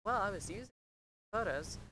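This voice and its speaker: A young woman tells a rambling, swear-filled story in a casual vlog and acts out each quoted line. Her pitch swings widely from line to line. A steady low rumble runs clearly behind her voice. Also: moderate pace. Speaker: streamer telling a story.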